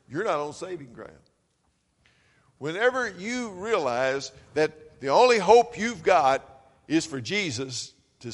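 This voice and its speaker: A man preaches a sermon in a fairly high voice. He swings from loud, urgent calls to low, quiet passages, and his words hang in the long reverb of a big hall.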